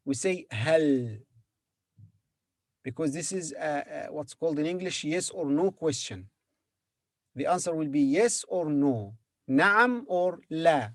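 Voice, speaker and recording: Slow, patient male language teacher. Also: a little high, no echo, studio quality. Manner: patient, sounds out syllables and repeats words. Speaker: Arabic teacher. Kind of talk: slow beginner language lesson.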